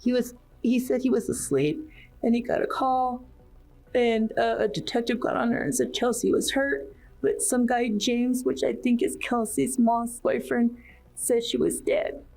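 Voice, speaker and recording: A woman giving a rushed, halting account as a witness in a police interview. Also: a little high, vocal fry, a little mellow.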